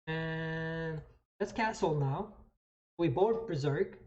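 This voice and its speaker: Woman chess streamer calling her moves out loud, deep voice, kinda muffled audio. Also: slow. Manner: thinks aloud, with restarts and fillers. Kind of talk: live commentary while playing.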